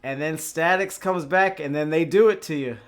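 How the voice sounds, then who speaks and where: A young man casting an esports match, shouting on big plays and then chatting loosely through a post-match interview. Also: fairly high pitch, normal speed. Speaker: esports caster.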